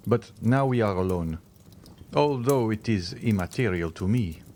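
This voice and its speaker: Brief: man doing an eager young nobleman; earnest, lively inflection, lowish voice. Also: unhurried, slight background noise. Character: young viscount, eager and devoted to his mother.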